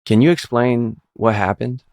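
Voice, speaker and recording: A man hosting an interview, who sums up the story in a measured way before he asks a question. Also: medium pitch, a little mellow, dry recording, clean studio sound. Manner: measured, recapping before asking. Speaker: host.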